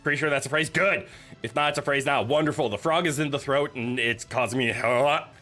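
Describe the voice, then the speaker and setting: A man's voice: mid-range voice, brisk, sharp tone, faint music behind. A man streaming live, chatting casually with his viewers in a nervous, joking, giggly way. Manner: chatty, joking, talks to chat.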